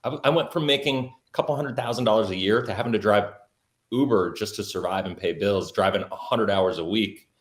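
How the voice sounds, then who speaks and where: Male guest, low voice, earnest storyteller, echoey room. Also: fairly quick. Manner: earnest, many fillers like "like". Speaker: podcast guest, entrepreneur. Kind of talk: personal storytelling in an interview.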